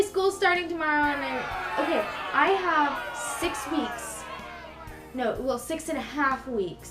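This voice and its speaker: A woman's voice: high-pitched, a bit bright. A young woman vlogger telling a story in a casual, rambling way, full of fillers and self-corrections. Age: young adult. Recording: echoey room with faint music behind.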